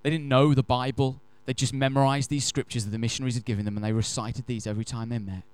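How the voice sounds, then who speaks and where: A man preaching a sermon. He tells stories in an animated, emphatic way and slows down to stress key phrases. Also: mid-range voice, clean tone. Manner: animated, emphatic storyteller who acts out quotes. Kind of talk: sermon with storytelling.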